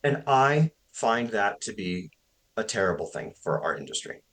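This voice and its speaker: A man's voice: lowish voice, very animated, normal speed, a bit bright. A man in his forties, a fitness coach guest on a podcast, speaking passionately and emphatically with strong opinions. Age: 40s. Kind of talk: podcast interview conversation.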